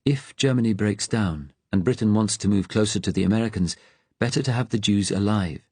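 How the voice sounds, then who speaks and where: A male narrator playing a hard, cold woman agent in an audiobook, cool and clipped, every word controlled. The reader's low voice is lifted only slightly for her, recorded close and dry. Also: fairly quick, a little mellow, breathy edge, dry recording.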